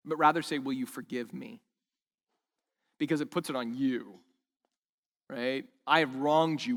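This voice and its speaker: A man preaching a sermon as pastor, animated and acting out the lines he quotes. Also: a little high. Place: church service in a school hall. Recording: long hall reverb.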